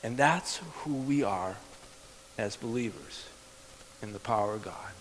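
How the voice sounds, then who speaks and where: Soft background music plays under a middle-aged pastor's sermon, recorded with long hall reverb in a church hall. His voice is on the low side and a bit bright, moving at a measured pace as he tells a personal story and acts out its dialogue.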